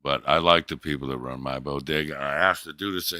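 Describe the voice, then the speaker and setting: A man hosting a livestream, talking casually in a profane, joking way and telling stories with quick impressions of others. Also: very deep voice, fairly even intonation, bright, forceful tone, no room sound, studio quality. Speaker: livestream host. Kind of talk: casual rambling stream chat.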